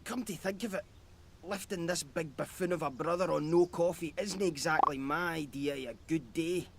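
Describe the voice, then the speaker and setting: A man's voice: fairly high pitch, normal speed, background noise, natural voice. A man voicing a weary climber in a game, complaining drily about hauling his big brother. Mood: wry.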